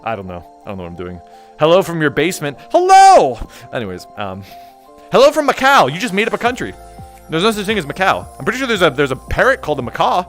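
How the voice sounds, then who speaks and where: A man's voice: on the high side, huge pitch swings, quick pace, fairly bright tone, soft background music. A young man chatting casually on a live stream, rambling and jokey as he reads chat aloud.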